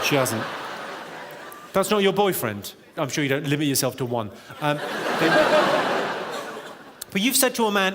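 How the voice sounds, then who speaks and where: A man doing stand-up comedy with a deadpan delivery and working the crowd in a large theatre. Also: sits high, heavy background noise. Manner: deadpan, crowd work with the audience. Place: large theatre with a laughing audience. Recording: live theatre recording with long reverb and loud crowd laughter.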